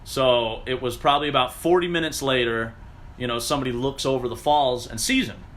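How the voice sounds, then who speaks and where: A man recounting a story in casual chat, animated and profane, jumping into the voices of the people he quotes. His voice is bright and forward, with an ordinary middle pitch. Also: brisk.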